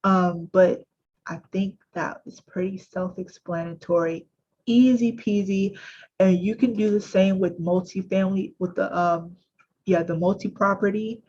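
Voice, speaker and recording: A woman walking viewers through software on a screen share, chatty and self-correcting with lots of fillers, as the regular host of a weekly tech session. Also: mid-range voice, fairly even intonation, a little slow, highs cut off, a little hiss or hum. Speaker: software trainer.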